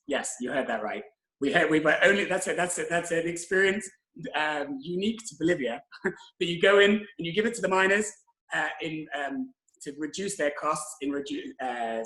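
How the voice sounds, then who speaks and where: A young man telling travel stories as an interview guest on a video call, animated and self-mocking. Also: fairly high pitch. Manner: animated, self-mocking anecdotes with quoted exclamations. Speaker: interview guest, tour creator. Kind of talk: casual storytelling on a video call. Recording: roomy video call audio.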